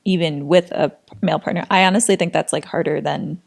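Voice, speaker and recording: A woman's voice: low voice, steady tone, fairly quick, vocal fry. A woman in her late twenties co-hosting a podcast, talking candidly in casual chat, with lots of "like" fillers and frank swearing. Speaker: podcast co-host.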